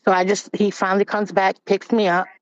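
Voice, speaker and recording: A woman's voice: medium pitch, little pitch movement, fairly quick, dry recording. A woman giving a candid, blunt personal testimony as a panel guest. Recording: dull, dry recording.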